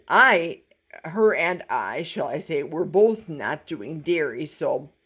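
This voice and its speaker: A woman's voice: fairly low pitch, husky. A woman chatting casually through an unboxing vlog, folksy and playful, with cheerful exclamations and handheld camera. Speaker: vlogger. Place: home in a forest.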